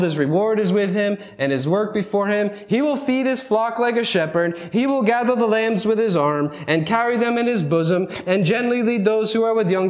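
Man, very high voice, preaching, emphatic scripture reading, wry asides, roomy echo. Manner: reads scripture slowly and emphatically, with mock self-important asides. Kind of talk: sermon reading and explaining scripture.

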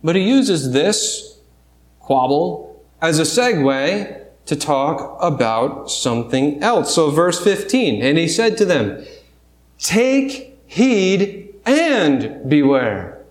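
A man preaching a sermon in a church sanctuary, his voice sitting a little high for a man. He talks through scripture in a conversational way, breaking off and restarting, and asks the congregation rhetorical questions. The room is echoey. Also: very animated, slow. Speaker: pastor.

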